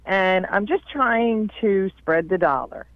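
A woman calling in to an advice show, speaking in a hesitant, halting way. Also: medium pitch, dry recording. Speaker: caller. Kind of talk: call-in phone conversation. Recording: tinny dry phone line.

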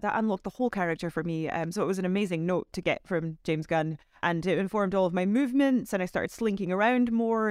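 Woman, actor guest, casual interview, chatty, laughs easily, mid pitch, dry sound. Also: no echo.

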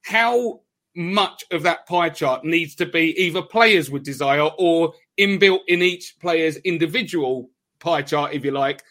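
Man, podcast host, bright tense voice, rambling enthusiastic questions, laptop mic in hotel room. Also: fairly high pitch, unhurried. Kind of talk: casual podcast chat. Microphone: laptop microphone.

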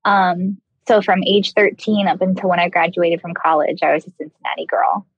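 A woman's voice: on the low side, steady tone, normal speed, breathy edge, no room sound, muffled recording. A young woman from the American South, a guest chatting casually and laughing often. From Southern US (Kentucky, Ohio). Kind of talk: casual chat.

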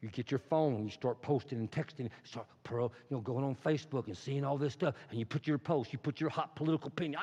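A man's voice: mid-range voice, quick pace, few pauses, a little mellow, slightly rough. A man preaching an impassioned, emphatic sermon as pastor in a church. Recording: echoey hall, dull sound.

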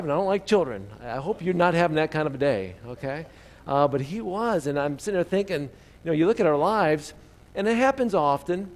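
A man preaching a sermon in a relaxed, conversational storytelling way, often asking his listeners questions. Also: high-pitched.

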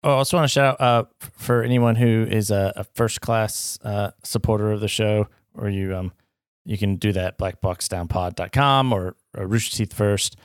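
A young man co-hosting a podcast in casual chat, quick to laugh and joke. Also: on the low side, steady tone, clean tone, dry recording, clean studio sound. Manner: laughs easily, playful quips. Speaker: podcast co-host.

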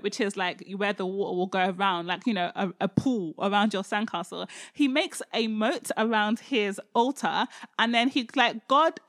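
A woman with a slightly high voice retells Bible stories in casual chat. She is animated, laughs often and acts out characters' lines. The sound is dry and close. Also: no room sound.

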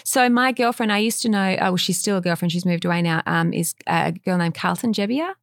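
A woman's voice: fairly low pitch, a little fast, no room sound, studio quality. A woman with an Australian accent, a podcast guest telling stories candidly in casual chat.

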